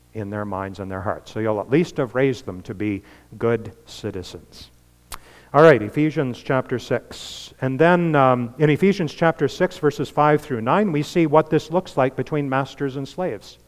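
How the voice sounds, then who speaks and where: A man delivers a sermon from the pulpit, his voice mid-pitched and earnest. He swells to emphatic peaks and then sinks to soft, quiet lines. The sound carries the long reverb of a large church hall. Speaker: pastor.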